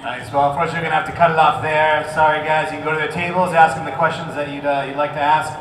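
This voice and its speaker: A man emcees a convention panel, brisk and upbeat, talking quickly. His voice echoes around a large hall, picked up from some distance. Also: a little high, little pitch movement, fairly bright tone. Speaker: panel moderator. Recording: roomy hall, from far off.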